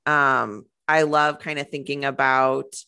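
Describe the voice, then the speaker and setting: A woman's voice: a bass voice, steady tone, slow pace, gravelly, sharp tone, clear, resonant tone. A woman hosting an interview, giving short backchannels and thanking her guest in a conversational way. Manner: appreciative, conversational, brief backchannels. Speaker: podcast host.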